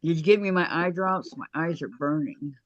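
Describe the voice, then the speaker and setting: A woman's voice: deep voice, moderate pace, dry recording, muffled recording. A woman hosting a casual video call who chats, reads viewer comments aloud and laughs easily. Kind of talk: casual chat.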